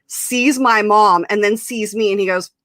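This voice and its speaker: A woman's voice: medium pitch, a little slow, slight background noise. A young woman hosting a live show, telling a story with lots of fillers and laughter. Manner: animated storyteller, many fillers, laughs often. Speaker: host. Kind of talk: casual chat, storytelling. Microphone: live stream mic.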